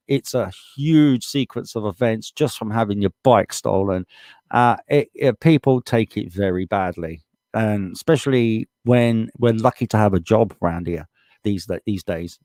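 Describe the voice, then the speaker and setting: A man's voice: lowish voice, a little mellow, no echo, studio quality. Blunt British man on a live stream. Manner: blunt, swears freely, gets heated. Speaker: livestream host reading viewer comments. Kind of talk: casual live chat. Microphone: desktop USB microphone.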